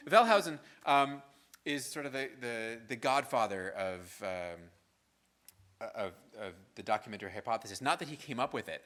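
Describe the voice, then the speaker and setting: A man's voice: medium pitch, lively intonation, moderate pace, a bit bright. A man giving a university lecture in a loose, conversational way, full of fillers and checking in with "right?". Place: lecture hall.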